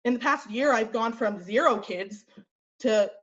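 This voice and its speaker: A woman's voice: fairly high pitch, fairly bright tone, muffled recording. Blunt, chatty young woman coach. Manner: blunt, chatty, quick with fillers. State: slightly out of breath. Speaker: fitness coach and team leader. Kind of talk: motivational team call.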